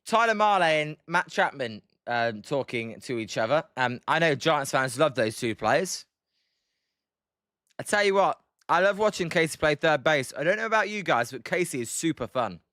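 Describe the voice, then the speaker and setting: British male streamer, casual play-by-play, bright, slightly high voice, dry close sound, filler-heavy. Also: dry recording. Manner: chatty, many ums, reads chat aloud. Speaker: livestream host doing play-by-play. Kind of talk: casual live commentary with chat replies.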